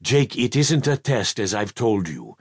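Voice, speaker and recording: A man's voice: fairly low pitch, very animated, measured pace, breathy edge, heavily acted. A male audiobook narrator voicing a patient, mild-mannered tutor who speaks reassuringly.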